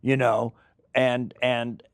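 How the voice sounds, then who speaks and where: An older man, an actor being interviewed, telling rambling, animated stories in casual chat. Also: mid-range voice, slow, clear, resonant tone, dry recording. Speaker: actor guest.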